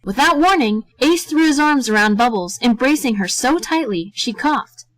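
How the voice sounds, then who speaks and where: A woman reading a story aloud as narrator in a steady, gentle way. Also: on the high side, moderate pace, no echo, rough recording.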